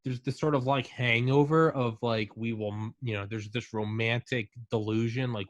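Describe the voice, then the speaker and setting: A man in casual chat, talking excitedly and rambling with lots of fillers. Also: mid-range voice, moderate pace, hardly any pauses, no room sound.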